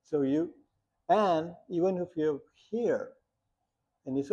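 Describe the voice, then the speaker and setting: A man's voice: a little high, lively intonation, a little slow, dark tone, breathy edge. A man teaching a meditation class, talking plainly with lots of rhetorical questions and short stories. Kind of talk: guiding a meditation talk. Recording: muffled lo-fi sound.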